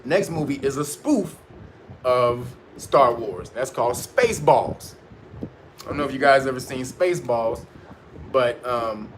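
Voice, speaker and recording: A man's voice: medium pitch, fairly bright tone, slight background noise. A man hosting a casual livestream, talking emphatically, swearing freely and laughing often. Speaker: livestream host.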